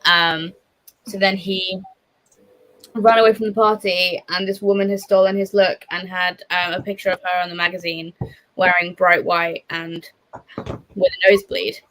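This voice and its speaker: Woman host, bright and animated, chatty livestream energy. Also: lowish voice, normal speed, a little hiss or hum, low-quality recording. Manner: bubbly, animated, reads chat comments aloud. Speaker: host of a reading stream. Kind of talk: casual chat.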